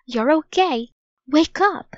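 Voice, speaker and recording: Woman doing a high caring young girl. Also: lively intonation, takes it slowly, dry recording. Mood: soothing. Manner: pleading, gentle reassurance. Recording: dull lo-fi recording.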